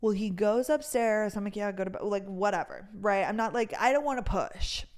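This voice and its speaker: A young woman rambles through a story in loose, casual podcast chat. She leans on fillers at every turn and swears freely, and her voice sits at an ordinary middle pitch. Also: moderate pace. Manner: chatty, fills with "like", swears freely. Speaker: podcast host.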